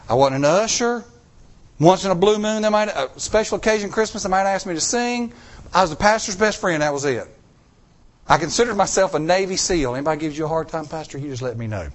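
A middle-aged man preaching a story-filled sermon, acting out quotes in shifting voices. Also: on the high side.

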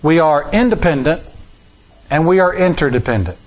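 Animated high-voiced preacher man. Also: normal speed, poor audio. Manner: folksy, animated preaching with rising emphasis. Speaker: pastor. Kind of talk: sermon.

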